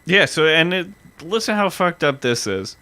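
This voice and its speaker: A male podcast co-host with a bright, forceful voice tells a history story in an animated, profane way. His pitch sits in the middle range for a man. The recording is very dry and close. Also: normal speed, smooth, dry recording. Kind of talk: casual history podcast chat.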